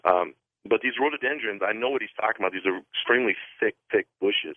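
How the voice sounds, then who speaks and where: Male caller from the Pacific Northwest, low-pitched, halting and repetitive delivery, heard over a narrow phone line. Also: no room sound. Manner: halting, repeats words and restarts while telling a story. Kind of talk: telling a story on a call-in radio show. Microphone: telephone.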